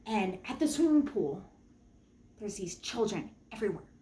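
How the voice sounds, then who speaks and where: A young woman vlogger telling a personal story, animated and emphatic, jumping up high when she quotes herself. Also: normal speed, echoey room, a little hiss or hum.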